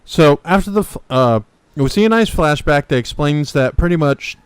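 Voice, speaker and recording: A man's voice: a little high, expressive, normal speed, clear, resonant tone, no room sound. A man co-hosting a podcast, casually recapping a TV episode in a rambling way full of fillers and restarts. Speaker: podcast co-host. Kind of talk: casual chat.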